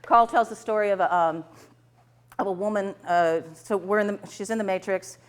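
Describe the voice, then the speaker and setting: A woman at the front of a workshop room, teaching through stories from her sessions with clients. She talks in a lively, animated way, jumping into little character voices for the people in her stories, and laughs often as she goes. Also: mid-range voice, moderate pace. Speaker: tapping practitioner and teacher. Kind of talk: storytelling to a live class.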